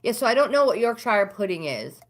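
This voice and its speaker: A middle-aged American woman hosting a casual livestream, chatting with viewers and answering their comments. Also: fairly quick. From United States. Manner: chatty, talks back to comments, pitch swings up when animated. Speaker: livestream host.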